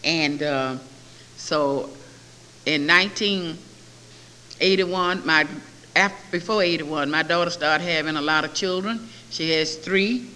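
An older woman giving a personal testimony at a recovery meeting, telling her story in a lively, animated way. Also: sits low, takes it slowly. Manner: storytelling, quotes others in lively voices. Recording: echoey hall with faint hiss.

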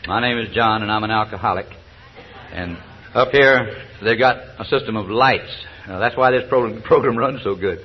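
A man's voice: lowish voice, normal speed, a little hiss or hum. An older man giving a personal testimony at a recovery meeting, telling stories in a folksy way with chuckles and hesitant fillers. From South Georgia, US. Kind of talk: personal testimony talk with jokes. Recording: dull old lo-fi recording.

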